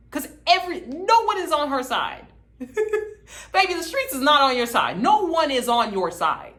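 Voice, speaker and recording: Sassy, animated woman recapping TV. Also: high voice, measured pace. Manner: sassy, gossipy, dramatic. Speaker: host. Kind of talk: casual TV recap commentary.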